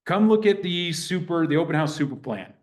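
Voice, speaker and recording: A man teaching a real estate class in a lively, conversational way, acting out sample phone calls. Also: a little high, fairly quick. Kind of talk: teaching a live workshop.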